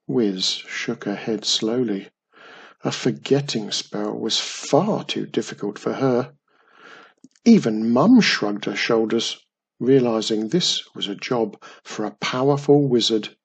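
A man narrating a children's story in a gentle, expressive way. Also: mid-range voice, slow, gravelly, slightly rough.

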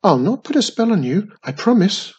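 Brief: young girl witch, high, eager, breathy, played by a man. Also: sing-song, moderate pace, a little mellow, dull audio, full character voice. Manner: eager, stuttering when nervous. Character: young female witch, cheerful and curious.

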